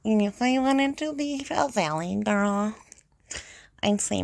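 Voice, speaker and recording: A woman's voice: mid-range voice, lively intonation, slow, vocal fry, darkish tone, no room sound. A young woman in a casual solo vlog, playful and giggly, trying out mock accents. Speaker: vlogger.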